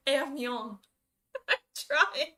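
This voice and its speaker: Bright-voiced giggly woman streamer. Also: a little high, unhurried. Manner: giggly, reads and answers chat, plays with pronunciations. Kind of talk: casual live-stream chat with viewers.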